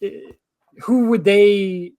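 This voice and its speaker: A man on a podcast calmly lays out his reasoning in a slightly sheepish way. His voice sits fairly high for a man. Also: slow pace. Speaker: podcast co-host. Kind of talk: casual podcast chat.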